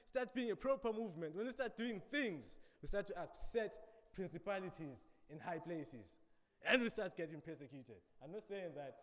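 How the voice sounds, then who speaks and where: A man preaching a sermon, dramatic, swinging between loud emphasis and quiet asides. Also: on the high side, in a large hall.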